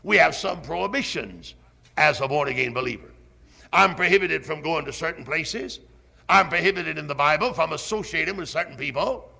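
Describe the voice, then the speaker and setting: Gravelly, bright-toned older male preacher. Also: a little high. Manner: slow emphatic preaching with rising and falling delivery. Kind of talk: sermon.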